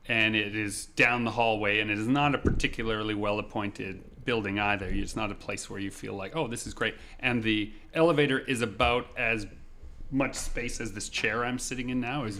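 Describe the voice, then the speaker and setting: A man co-hosting a podcast, telling a story in a casual, animated way and acting out shouted lines. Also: on the low side, slight background noise. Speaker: podcast co-host.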